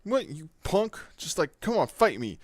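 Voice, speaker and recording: Brief: man putting on a loud, swaggering teen bully picking a fight, sneering and crude. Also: medium pitch, lively intonation, fairly quick, no echo, studio quality, natural voice. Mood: aggressive. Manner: taunting, swearing, loud. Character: cocky aggressive teen boy bully.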